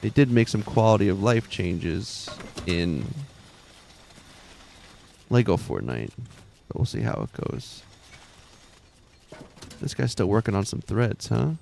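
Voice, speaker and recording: A man's voice: lowish voice, animated, slow, gravelly, pauses often, darkish tone, slight background noise. A man in his thirties chatting casually while streaming a game, rambling, laughing often and muttering to himself.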